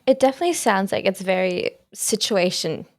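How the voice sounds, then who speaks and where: Woman in her 20s, podcast host, tentative hedging questioner, mid pitch, dry sound. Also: brisk, no room sound. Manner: tentative questions with many qualifiers.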